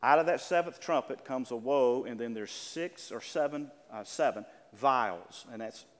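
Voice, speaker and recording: A man with a Southern accent preaching a sermon as pastor, swinging from loud emphatic passages to quiet earnest pleading. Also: mid-range voice, a little slow, big-room sound.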